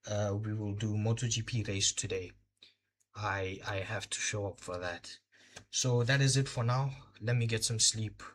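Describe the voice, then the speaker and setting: A man's voice: lowish voice, fairly even intonation, moderate pace, a little hiss or hum. Tired, fumbling live-stream host, man. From Botswana. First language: Indian heritage, speaks Hindi. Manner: hesitant, many fillers, fumbling for words. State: tired, short on sleep. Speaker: host of a live race watch-along. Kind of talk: casual live-stream recap.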